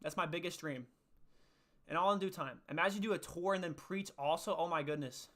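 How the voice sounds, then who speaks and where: Still winded from push-ups, this livestream host talks at a fairly quick clip in a slightly high, somewhat bright voice. He's a young man running a relaxed faith stream, cheerful and talkative as he responds to messages from the chat.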